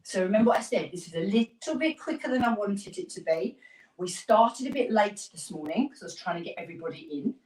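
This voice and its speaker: A woman's voice: medium pitch, animated, a little fast, darkish tone, roomy sound, distant mic, low-quality recording. A woman fitness instructor leading a live workout class, giving upbeat, encouraging cues and counting down the reps.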